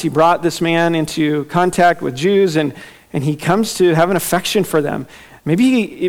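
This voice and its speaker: Male preacher with a high, bright voice, casual and lively from the pulpit, slips into playful quoted voices. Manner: animated, conversational, acts out quoted voices with laughs. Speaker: pastor. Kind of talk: expository sermon.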